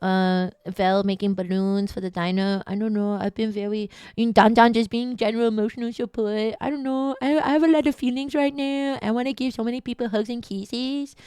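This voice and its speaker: A woman with a fairly high, smooth voice, chatting emotionally and rambling to her viewers during a stream. She is on the edge of tears and talks into a close mic with a dry sound. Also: fairly even intonation, a little fast, hardly any pauses, warm tone, no room sound. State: near tears. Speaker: streamer hosting a charity stream. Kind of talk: casual chat.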